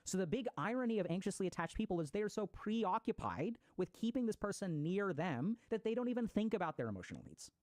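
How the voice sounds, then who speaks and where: A man who is a psychiatrist, explaining attachment to an online audience in a casual lecture, conversational and quick, with swearing and gaming slang. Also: high voice, big pitch swings, a little mellow, no echo.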